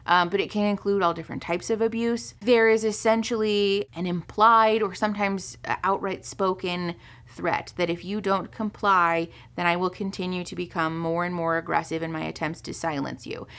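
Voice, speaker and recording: A woman's voice: fairly low pitch, steady tone, normal speed, a bit bright. A young woman therapist talking casually to camera, full of "um" and "like" fillers and the odd swear word. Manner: conversational, many fillers like "um" and "like", occasional swearing. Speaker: therapist and video host. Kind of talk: casual commentary, reading book passages aloud.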